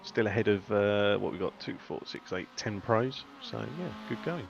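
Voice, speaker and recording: A man's voice: on the low side, normal speed, gravelly. A man doing casual, chatty commentary on an online race, bantering with his co-hosts. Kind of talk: casual sim racing commentary. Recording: dull lo-fi stream audio with faint noise.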